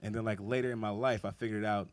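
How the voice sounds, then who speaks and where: A young comedian with a fairly low, steady voice rattles through his stand-up set at a backyard show outdoors. He laughs a lot while spinning long, profane stories at high speed.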